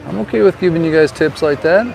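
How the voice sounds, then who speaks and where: A man's voice: a little high, quick pace, gravelly, low-quality recording. A man chatting casually as he walks and films a seaside town, giving friendly tips like a tour guide. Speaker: vlogger and real estate agent. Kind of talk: casual walking vlog narration. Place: outdoors by a harbor and town street. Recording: outdoor street noise.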